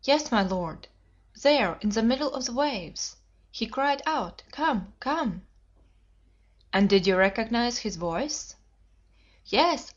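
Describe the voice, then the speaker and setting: A woman reading an audiobook, voicing an earnest, devoted young boy who turns excited and pleading. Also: fairly high pitch. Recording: dull lo-fi audiobook recording.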